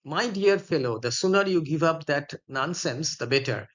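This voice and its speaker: A man reading aloud the lines of an exasperated, indignant young gentleman in a plain voice. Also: a little high, lively intonation, normal speed, dull audio. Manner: plain read-aloud delivery, little voicing.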